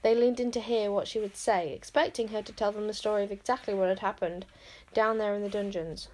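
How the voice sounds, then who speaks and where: Woman narrator, lively dramatic storybook reading, mid-pitched voice. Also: fairly quick, rough recording. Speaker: audiobook narrator.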